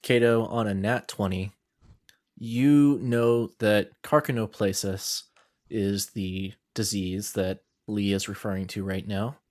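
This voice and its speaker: A man acting as game master, calmly explaining rules and what the players sense. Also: lowish voice, slow. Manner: calm, explanatory, filler-heavy. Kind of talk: running a tabletop game.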